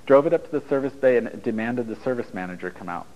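A man's voice: medium pitch, animated, fast talker, few pauses, a little mellow, rough recording. A man giving a blunt, storytelling talk to a live audience, acting out dialogue as he goes, over a radio broadcast. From United States. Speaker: relationship speaker.

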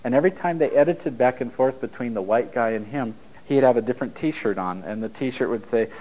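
A middle-aged man at a mid-pitched, everyday register speaks to a room full of listeners. He talks in a loose, rambling way, jokes and chuckles at himself, and drifts between stories and points like a relaxed spiritual teacher. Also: brisk, dull audio. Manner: rambling, joking, laughs at his own lines. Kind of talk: informal spiritual talk to an audience. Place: room with a live audience.

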